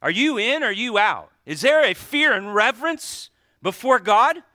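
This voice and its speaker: High bright-voiced man preaching. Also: sing-song, a little slow, dry recording, studio quality. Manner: preaching with rising intensity, crying out to God. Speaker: pastor. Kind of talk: sermon.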